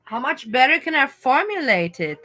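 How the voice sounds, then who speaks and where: A woman's voice: sits high, big pitch swings, moderate pace, sharp tone, soft background music. A woman, hosting a casual livestream and talking to her viewers, pleading and reasoning with one of them. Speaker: livestream host.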